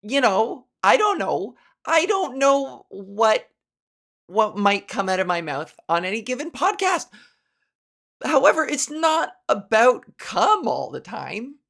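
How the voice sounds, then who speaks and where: A woman's voice: mid-range voice, fairly bright tone. A woman comedian hosting her own podcast, talking in a playful, rambling monologue full of crude jokes.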